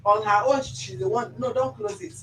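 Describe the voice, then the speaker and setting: A woman's voice: medium pitch, normal speed, a little hiss or hum. A Nigerian woman hosting a mediation session, firm and lecturing, giving commands. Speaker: mediator host. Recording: roomy office sound from a distance.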